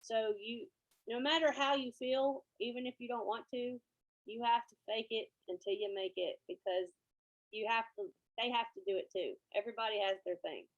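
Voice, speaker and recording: A woman's voice: on the high side, moderate pace, dull audio. A woman band director, giving a presentation and acting out quotes as she tells stories. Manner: lively storyteller, acts out quotes. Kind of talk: conference presentation.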